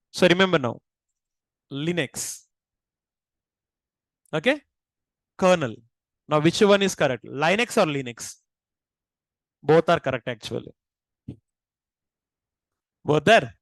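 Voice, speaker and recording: High-pitched, Indian accent, teacher, repeats key points, dry sound. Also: male voice, very animated, unhurried, long pauses, a bit bright, no room sound, low-quality recording. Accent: Indian English. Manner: asks the class questions and repeats key points. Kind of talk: classroom lecture.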